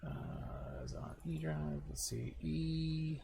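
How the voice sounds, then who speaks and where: A man's voice: on the high side, sing-song, slow pace, creaky, mellow, slight background noise. A man casually talking through a screen-recorded editing tutorial, thinking aloud as he clicks around. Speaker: video tutorial host.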